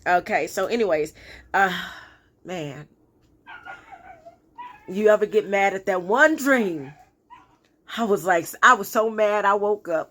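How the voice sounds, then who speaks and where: A middle-aged woman from the United States talks casually through a daily energy reading as a spiritual life coach. She is chatty and warmly informal, and she breaks into excited outcries now and then. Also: medium pitch, unhurried, long pauses.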